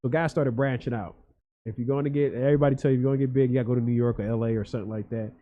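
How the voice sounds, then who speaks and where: A guest comedian from Philadelphia races through his stories in a mid-range voice with fairly even intonation. The chat is loose, profane and rambling, packed with fillers, and the podcast audio is dull and lo-fi.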